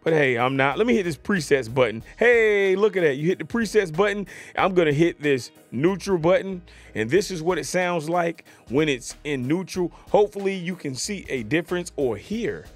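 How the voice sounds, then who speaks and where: A man's voice: a little high, lively intonation, normal speed, few pauses, soft background music. A man casually demoing a new piece of audio gear, joking around and often asking the listener if they follow him, speaking into a podcast microphone in a home studio. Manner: playful, chatty, keeps asking if you follow him. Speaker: tech gear reviewer. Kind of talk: casual product demo. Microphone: USB podcast mic on desk.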